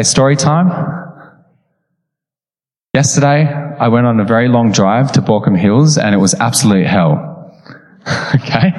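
A man's voice: medium pitch, a little mellow. A man, preaching a sermon with casual storytelling and laughing asides. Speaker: pastor. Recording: echoey hall with long reverb.

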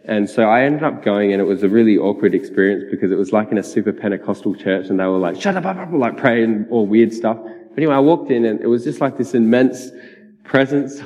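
A man with a fairly low, slightly mellow voice gives a personal testimony sermon as a preacher, keeping it casual and chatty with frequent laughs. The sound is dull and echoes like a reverberant hall.

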